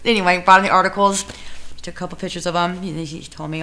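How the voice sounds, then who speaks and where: A woman's voice: fairly low pitch, steady tone, quick pace, bright, forceful tone. A woman who co-runs a music venue telling a story in a casual interview, rambling with fillers and self-corrections.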